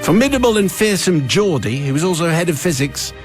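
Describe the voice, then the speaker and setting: A radio host reading a listener's confession aloud, with wry, theatrical storytelling and dry asides. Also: male voice, high-pitched, very animated, fairly quick, faint music behind. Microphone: studio microphone.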